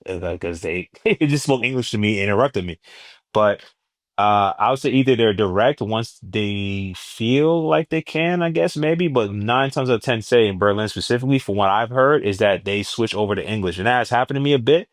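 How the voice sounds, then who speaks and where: Young jersey guy, comedian, low voice, dry close sound, tells stories and jumps way up doing other people. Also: fairly quick, no room sound. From New Jersey, USA. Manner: animated storyteller, acts out exchanges with big pitch jumps. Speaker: stand-up comedian guest. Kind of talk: casual interview chat.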